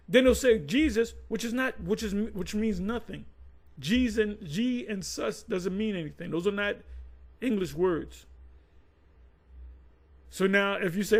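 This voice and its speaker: Guy with a high, gravelly voice doing religious commentary, reads stuff out and goes over it again. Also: a little slow, pauses often, low-quality recording. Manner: conversational, repeats himself while reading and explaining words.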